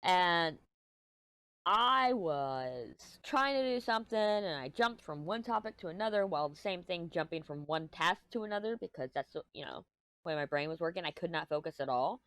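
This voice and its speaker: Low-voiced rambling Texan woman. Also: expressive, normal speed, a bit bright, no room sound. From Texas. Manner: rambling, jumps between topics, swears casually. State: a little stuffy-nosed. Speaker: craft vlogger. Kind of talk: casual chat while crafting.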